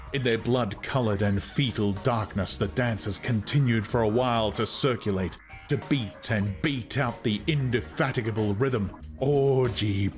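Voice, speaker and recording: A man narrating an audiobook at a slow, deliberate pace, his voice mid-pitched and even. He reads in a measured, expressive way, with quiet music running faintly beneath. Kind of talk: scripted narration.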